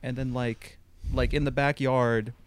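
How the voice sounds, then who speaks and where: A podcast co-host tells a long, wry anecdote in a casual, rambling way, full of "like" and restarts. His voice is smooth, level and medium-pitched, with a measured pace.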